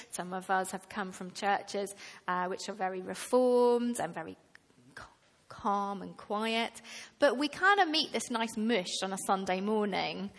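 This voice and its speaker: A woman preaching a sermon to her church, slow and deliberate, rising to emphatic passages. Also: medium pitch. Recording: long reverb of a hall.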